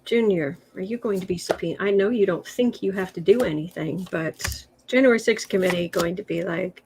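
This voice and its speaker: A woman's voice: on the low side, fairly quick, hardly any pauses, darkish tone, slight background noise. A woman hosting a casual livestream, reading tarot cards aloud with sarcastic, chatty asides. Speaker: tarot reader and livestream host.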